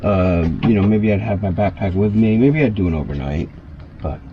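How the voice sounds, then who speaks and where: A man's voice: on the low side, animated, normal speed, dull audio, a little hiss or hum. A man chatting loosely through a casual cooking vlog inside his small RV, full of fillers and asides.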